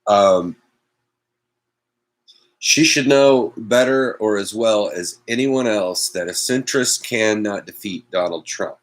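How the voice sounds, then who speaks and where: Slow, low-voiced man chatting casually. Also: poor audio. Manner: rambling, wry, self-mocking. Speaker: host. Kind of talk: casual political chat. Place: at home.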